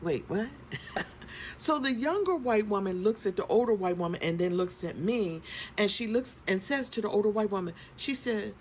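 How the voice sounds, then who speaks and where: A woman's voice: medium pitch, expressive, moderate pace, a little hiss or hum. A woman in her fifties telling a personal story earnestly and emphatically, often checking that the listener follows. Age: 50s.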